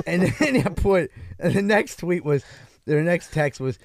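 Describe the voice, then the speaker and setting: Profane storytelling man, higher voice. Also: animated, unhurried, vocal fry, no echo. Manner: profane, rambling, laughing at own story. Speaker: podcast co-host. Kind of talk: casual storytelling.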